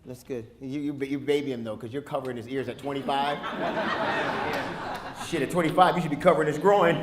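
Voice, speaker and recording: A man's voice: medium pitch, fairly even intonation, fairly quick, roomy sound, over a noisy crowd. A man doing stand-up comedy in a club, brash and profane, teasing people in the audience. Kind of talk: stand-up set with crowd work. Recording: live club with audience noise.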